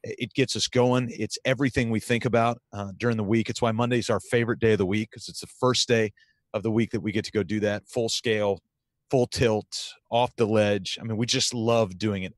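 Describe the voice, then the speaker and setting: A man who works as a business coach, a guest on a podcast, talking in an energetic, emphatic way. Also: dry recording. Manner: energetic, emphatic, enthusiastic pitch. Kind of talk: podcast interview.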